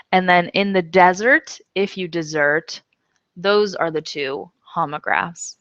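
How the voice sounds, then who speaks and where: A woman teaching an English class in a casual, chatty way, laughing often and reading example sentences out slowly. She is tired and her jaw is numb. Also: on the low side, a bit bright, no echo, muffled recording. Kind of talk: casual online English lesson.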